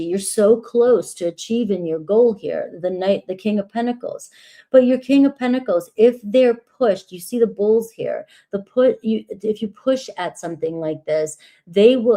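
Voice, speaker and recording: A woman giving a live tarot reading in a husky morning voice, chatty and reassuring, often checking in with "right?". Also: medium pitch, dark tone. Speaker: tarot reader.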